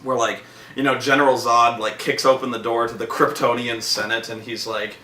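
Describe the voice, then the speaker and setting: A man chatting casually about a movie, rambling and swearing, bursting into loud acted-out quotes. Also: medium pitch, level tone, moderate pace. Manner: rambling, profane, acts out quotes in loud voices. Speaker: vlog host reviewing a movie. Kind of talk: casual chat. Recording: roomy echo, from a distance, faint noise.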